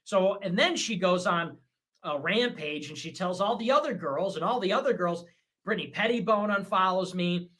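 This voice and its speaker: This is a man with a high, sharp, tense voice, holding the floor on his livestream. He talks in short, repeated, self-assured phrases. His delivery is animated and combative, jumping between loud bursts and low mutters. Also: moderate pace. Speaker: livestream show host. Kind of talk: rambling livestream monologue.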